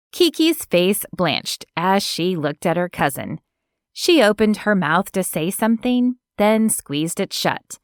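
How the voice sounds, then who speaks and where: Audiobook narrator, woman, slow and measured, dry close sound. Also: lowish voice, expressive, smooth, no echo. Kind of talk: scripted narration.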